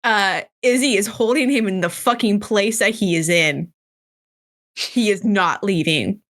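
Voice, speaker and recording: A woman's voice: mid-range voice, measured pace, fairly bright tone. A woman playing her character in a tabletop role-play game, bossy and bold, with casual swearing. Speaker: player.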